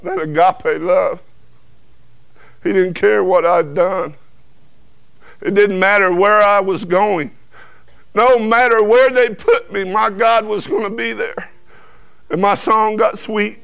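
A man's voice: high voice, takes it slowly, creaky, long pauses, smooth. A man giving a folksy personal testimony, acting out the voices of people in his story. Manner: animated storyteller who acts out quoted dialogue. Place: truck cab.

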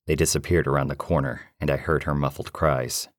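A man narrating a first-person horror story in a low, steady, measured way. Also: no room sound, clean studio sound.

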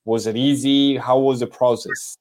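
A man's voice: medium pitch, little pitch movement, moderate pace, a little mellow. A man hosting a casual interview, friendly and encouraging as he asks his guest several questions at once.

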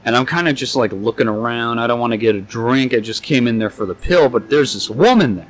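A man's voice: medium pitch, a little fast. A young man co-hosting a podcast, tipsy, telling a rambling, profane story and getting exasperated at his friend. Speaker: podcast co-host. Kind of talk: casual storytelling chat.

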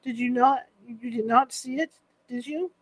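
A woman's voice: fairly high pitch, a little slow, no echo. Trial reading: woman voicing a barking male lawyer, firm questions, dry close sound. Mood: pressing. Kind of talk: reading courtroom testimony aloud.

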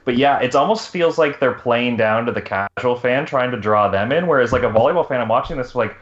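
A man in casual sports chat, talking with quick enthusiasm. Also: medium pitch. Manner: fast, enthusiastic, chatty. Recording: echoey muffled room sound.

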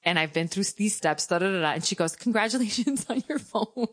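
A woman's voice: mid-range voice, a little fast, hardly any pauses. A woman telling a long story in casual chat, acting out the people she quotes and laughing often.

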